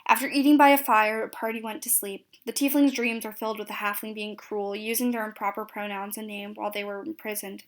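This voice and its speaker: A woman's voice: mid-range voice, steady tone, fairly quick, few pauses. A woman narrating a recap of a tabletop fantasy game, reading steadily with small slips and restarts.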